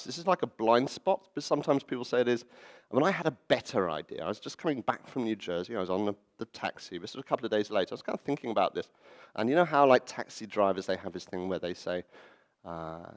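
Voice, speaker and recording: A man giving a storytelling talk at a public event, animated and fond of acting out quoted voices. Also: lowish voice. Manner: animated, acts out quoted voices and laughs at his own stories. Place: library event hall.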